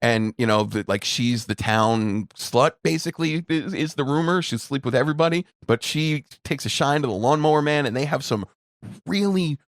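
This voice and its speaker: Middle-aged male co-host, casual rambling movie chat, mid pitch, dry close mic. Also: moderate pace, dry recording. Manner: rambling, restarts, laughs often. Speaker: podcast co-host.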